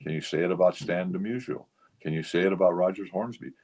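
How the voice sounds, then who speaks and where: Deep husky older man rambling. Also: fast talker, a little mellow. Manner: rambling storyteller, many fillers. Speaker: guest, memorabilia collector. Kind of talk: casual radio chat.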